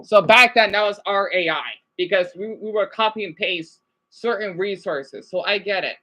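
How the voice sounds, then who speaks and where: A woman's voice: mid-range voice, moderate pace, pushed and bright, low-quality recording. A woman vlogger giving rambling, chatty livestream commentary with frequent restarts and check-ins with the audience.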